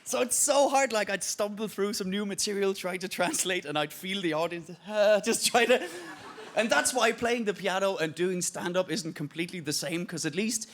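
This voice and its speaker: A man's voice: high-pitched, moderate pace. A Danish man speaking with an Irish accent, performing a self-deprecating stand-up set on stage. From Denmark. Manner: self-deprecating, acts out voices. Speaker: stand-up comedian. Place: comedy stage before a live audience. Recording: live stage mic over loud laughing crowd.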